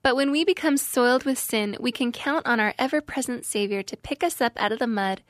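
A young woman speaks in a fairly high voice, earnest and emphatic as she gives an inspirational devotional talk to young listeners. The recording is close and dry, with no room sound around her. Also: fairly quick, no room sound.

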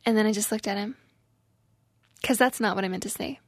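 A woman's voice: medium pitch, a little fast, no room sound, clean studio sound. A young woman giving an inspirational devotional talk to youth, telling her story in an earnest, emphatic way.

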